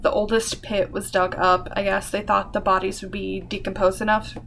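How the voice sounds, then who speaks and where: A woman's voice: mid-range voice, little pitch movement, moderate pace, vocal fry, a bit bright, slight background noise. A young adult woman co-hosting a podcast, casually telling a history story with lots of fillers and the odd swear word. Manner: chatty, full of fillers and swearing. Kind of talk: casual chat.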